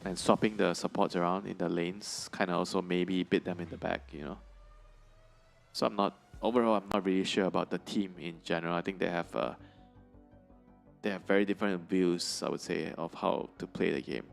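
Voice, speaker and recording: Man, esports analyst, very low voice, gravelly, faint music behind. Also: fairly even intonation. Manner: measured, thinking aloud with fillers.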